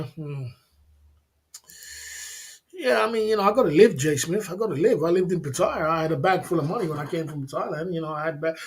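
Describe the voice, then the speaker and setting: A man hosting a livestream, telling rambling stories with many repeats and laughs. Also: fairly high pitch. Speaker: livestream host. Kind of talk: casual storytelling.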